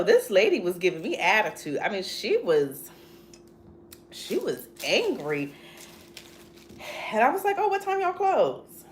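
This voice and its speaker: A woman's voice: deep voice, slight background noise. Playful woman chatting in her kitchen. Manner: playful, animated storytelling with drawn-out quoted voices. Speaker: vlogger cooking at home. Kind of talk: casual chatty cooking vlog.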